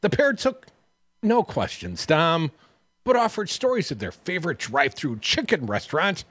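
Husky radio guy reading the news and cracking jokes, lively up and down, dry mic. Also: on the high side, moderate pace, no echo. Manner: sarcastic, wisecracking. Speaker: radio host. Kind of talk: news reading with sarcastic asides.

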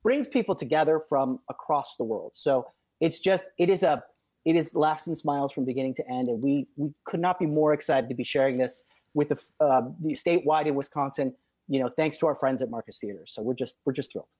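A man's voice: mid-range voice, fairly quick, dry recording. Upbeat man telling a story, dry sound. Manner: upbeat, acts out quoted shouts. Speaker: film producer guest. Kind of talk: casual interview, storytelling.

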